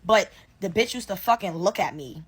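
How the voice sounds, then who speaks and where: A woman's voice: medium pitch, moderate pace, slightly rough. A young woman telling a casual storytime rant about her job, profane and slangy, acting out what people said. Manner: animated, profane, slangy storytelling with acted-out quotes. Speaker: storyteller ranting about work. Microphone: phone selfie video.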